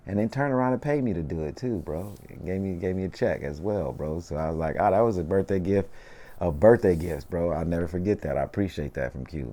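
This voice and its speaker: A man's voice: rumbling low, mellow. A man, a rapper telling stories in a casual interview, slangy and laid-back, often saying "you know what I mean".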